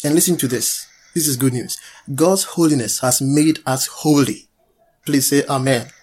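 A man's voice: medium pitch, moderate pace, a little mellow. A man preaching a sermon, urging and leading the congregation in call-and-response. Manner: exhorting, leads call-and-response.

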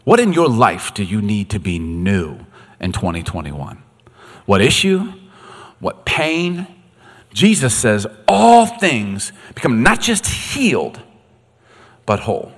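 A man preaching a sermon, dramatic and swinging from quiet to loud, in a long echoey hall. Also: on the low side, big pitch swings, slow pace. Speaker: pastor.

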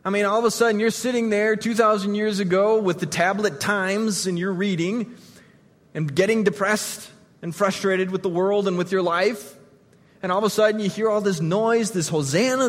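A man preaching a sermon as pastor, retelling scenes vividly and swinging from loud to hushed. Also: high-pitched, lively intonation, brisk, long reverb tail.

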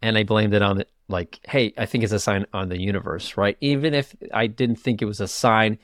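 A man's voice: on the low side, dry recording. Dry-voiced man telling a story. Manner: animated, self-mocking, quick bursts with stammered restarts. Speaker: podcast host. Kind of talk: casual personal storytelling.

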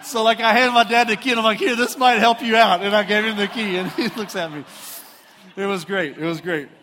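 Middle-aged Houston preacher, a touch high, animated storyteller, long hall echo. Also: male voice, a little fast, slight background noise. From Houston, Texas. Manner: animated, self-mocking storyteller who acts out voices. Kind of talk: storytelling sermon. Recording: reverberant hall.

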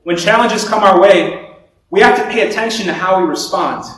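Young man, sermon, chatty storytelling, many restarts, slightly high voice, heavy echo, distant mic. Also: moderate pace, fairly bright tone. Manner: conversational storytelling with repeated restarts. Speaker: preacher. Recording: very echoey room, voice from far off.

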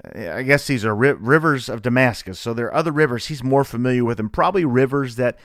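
A man reading scripture and giving a devotional sermon, earnest and full of rhetorical questions, his pitch rising sharply for emphasis. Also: quick pace, fairly bright tone, no echo, clean studio sound. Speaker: preacher.

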